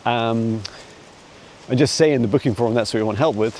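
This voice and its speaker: A man of middle pitch chats while strolling through a forest with a dog, speaking into a handheld phone camera. His talk wanders along with easy laughs. A faint stream runs behind him. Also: normal speed, a little hiss or hum, poor audio. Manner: chatty and meandering, with frequent soft laughs. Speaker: psychic mentor answering viewer questions. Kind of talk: casual walking vlog. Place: forest outdoors. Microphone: handheld phone camera while walking a dog.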